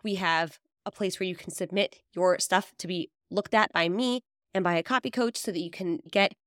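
A woman's voice: lowish voice, moderate pace, fairly bright tone, no room sound, studio quality. A woman podcast host giving a conversational promotional outro for her coaching program.

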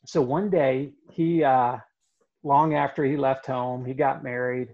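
A man tells a story in an earnest, halting way, pausing on fillers. His voice is gravelly and husky. The audio sounds dull and lo-fi. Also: medium pitch, fairly even intonation. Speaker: guest telling a story. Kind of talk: storytelling in conversation.

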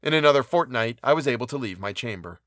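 A man reading a classic novel aloud in a measured, even narration. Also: medium pitch, dry recording, clean studio sound. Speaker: audiobook reader.

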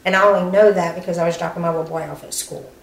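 A woman's voice: lowish voice, steady tone, very fast, vocal fry. A woman telling the story of a family loss in an interview, reenacting what was said. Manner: tells events plainly, reenacting dialogue. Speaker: family member of victim. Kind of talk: personal account in interview. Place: family's home on location. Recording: echoey room, faint noise.

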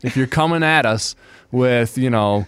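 A man's voice: medium pitch, unhurried, a bit bright, clear, resonant tone, no room sound. Jokey male podcast host, dry sound. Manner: jokey, teasing. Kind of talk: casual chat.

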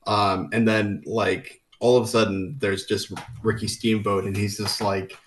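Casting: lower-voiced male co-host, relaxed rambling commentary. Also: unhurried, slight background noise. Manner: relaxed, chatty, lots of "like" fillers. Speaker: podcast co-host. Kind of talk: casual wrestling chat.

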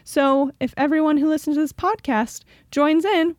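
A woman's voice: high-pitched, lively intonation, normal speed, few pauses, a little mellow, no room sound, studio quality. A young woman co-hosting a podcast in casual chat, chatty and laughing often, with many "like"s. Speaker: podcast co-host.

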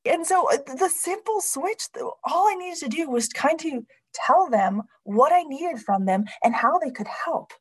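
The audio is poor, but this high-voiced woman in her thirties talks at a moderate pace with few pauses, candidly recounting a personal story. She laughs often and vividly performs her own inner voice.

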